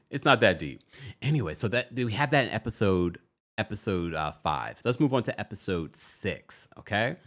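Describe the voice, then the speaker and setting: A chatty man with a fairly low voice hosts a casual live stream. His pitch swings widely and animatedly as he talks and reads out viewer comments. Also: very animated, unhurried. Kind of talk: casual live recap chat.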